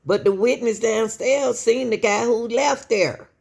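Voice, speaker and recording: Her voice is a little high and a little slow, creaky, slightly rough and a bit mellow. As host of true-crime commentary, she speaks straight to viewers in an emotional, casual way, calling them "y'all" and posing rhetorical questions.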